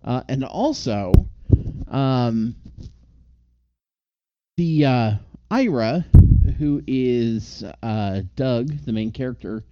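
An easygoing man co-hosts a casual film podcast, hesitating often as he recalls details. His voice is warm and mellow, recorded dry with a slightly dull, lo-fi mic. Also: medium pitch, expressive, drawn-out words, long pauses, clean tone, dry recording. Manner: easygoing, hesitant, many ums. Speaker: podcast co-host. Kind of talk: casual chat.

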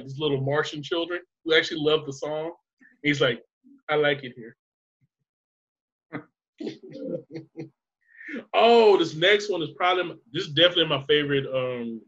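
A man's voice: fairly high pitch, bright, forceful tone, highs cut off. A man rambling through a casual chat, laughing often and swearing freely.

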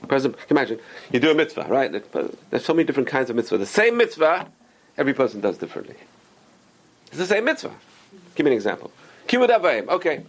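Animated rabbi with a gravelly voice. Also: male voice, medium pitch. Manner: animated, rhetorical questions to the class. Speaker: rabbi teaching a class. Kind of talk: religious class lecture.

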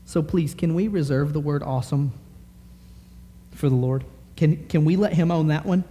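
A man in his thirties delivers a sermon, his voice mellow and warm. He talks in a conversational, animated way and keeps asking his listeners rhetorical questions. His pitch sits a little high for a man. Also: normal speed, slight background noise. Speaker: pastor.

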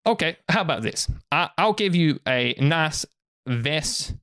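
A man's voice: fairly high pitch, lively intonation, a little slow, sharp tone, clean tone, no room sound, clean studio sound, voice pushed up. A man putting on a pushy market clothier. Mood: persuasive. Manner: pushy sales patter, haggling. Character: eager male clothing merchant at a market.

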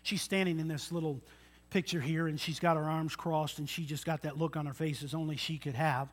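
A man's voice: a little high, fairly even intonation, fairly quick. A man preaching a sermon, earnest and folksy, often putting questions to the congregation. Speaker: pastor.

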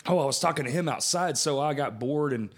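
A man's voice: on the high side, brisk. A man in casual chat with friends, laid-back, swearing freely and laughing often.

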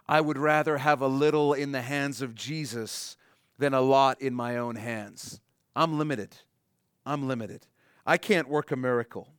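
A man preaching a sermon in a conversational way, acting out little voices and slowing down to stress key lines. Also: medium pitch, a bit bright, clean tone, dry recording, clean studio sound. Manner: conversational preaching, acts out voices, slows for emphasis. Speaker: pastor.

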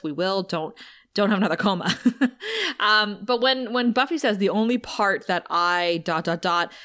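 A woman co-hosting a podcast, recapping a TV episode in a casual, lively way and laughing often. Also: medium pitch. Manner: lively, laughs often, quotes characters in playful voices. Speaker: podcast co-host.

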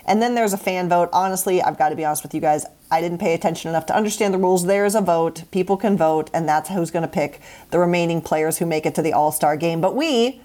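A woman's voice: on the low side, darkish tone. A woman co-hosting a sports podcast, chatting casually with frequent restarts and easy laughter. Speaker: podcast co-host. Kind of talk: casual chat.

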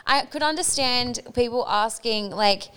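A woman's voice: fairly high pitch, a little slow, a bit bright, smooth. A woman co-hosting a podcast, dropping wry quips and laughing in casual chat. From Australia. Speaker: podcast co-host.

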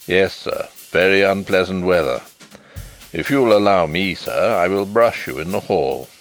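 A man's voice: low voice, animated, a little slow, soft background music. A man voicing a deferential, precise manservant who speaks in a respectful, formal and exact way.

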